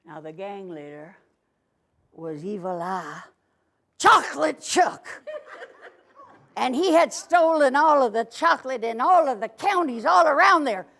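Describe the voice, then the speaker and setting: Brief: lively woman children's storyteller, high and swooping, folksy cowgirl manner. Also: unhurried, vocal fry, pauses often. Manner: folksy cowgirl persona, call-and-response with children. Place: library story room with children.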